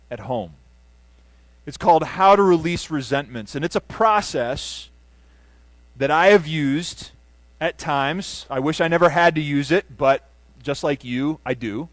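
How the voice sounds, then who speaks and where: High-voiced preaching man, dry sound. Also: no room sound. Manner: earnest preaching with rising emphatic runs and soft low endings. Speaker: pastor. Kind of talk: sermon. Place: church sanctuary.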